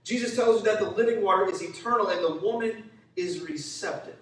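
An energetic male pastor preaches in a church sanctuary, calling for responses from the congregation and acting out the voices of biblical figures in the story. His voice sits high and moves a little fast. The recording is very echoey, with his voice coming from far off in the hall.

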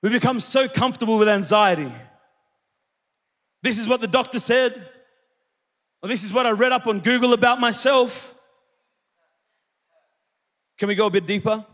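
High-voiced preacher in a reverberant church. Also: male voice, normal speed, pauses often. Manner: energetic storyteller, calls out to the congregation. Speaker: pastor. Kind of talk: sermon with storytelling.

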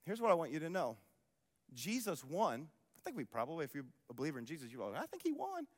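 A man preaching a sermon as a pastor, passionate, swinging between loud declarations and hushed asides. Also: on the high side, lively intonation, quick pace. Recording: long hall reverb.

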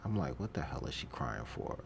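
Rumbling low with vocal fry, this New York City podcast host talks fairly quickly and very animatedly against a slight hiss or hum. He loosely recounts stories from his jobs, voicing the people he quotes and laughing frequently.

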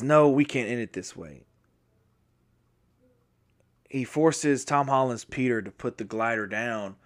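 Rambling male podcast host recapping. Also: medium pitch. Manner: rambling, often restarts and corrects himself; speaks from memory, apologetic and excitable. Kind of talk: casual spoken movie recap.

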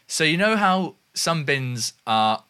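A man in loose, jokey banter with a friend. His voice is bright and swings widely in pitch as he talks, and he breaks into laughs and swearing easily. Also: clean tone. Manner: animated, swearing, quick to laugh. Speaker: podcast co-host. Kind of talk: casual banter.

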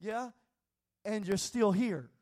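A man playing the Holy Ghost, a firm, reassuring male spirit who speaks up with growing insistence. The voice runs a little high for a man. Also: slow pace, a little mellow. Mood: encouraging.

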